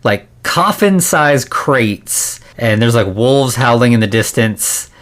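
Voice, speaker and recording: A man's voice: medium pitch, animated, slow pace, fairly bright tone. A man co-hosting a podcast, recapping an old movie in a rambling, casual way with lots of fillers and laughs. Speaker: podcast co-host.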